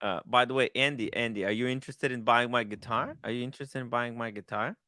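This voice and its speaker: A man on a casual video-call watch podcast panel, jokey and animated, laughing often. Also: mid-range voice, fast, no room sound. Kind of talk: casual chat.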